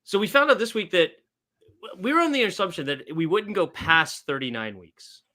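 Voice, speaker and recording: A man with a bright, highish voice that moves freely in pitch, hosting a casual sports podcast. He talks in a relaxed, easygoing way and steers the conversation between the others. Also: moderate pace. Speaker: podcast host. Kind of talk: casual chat.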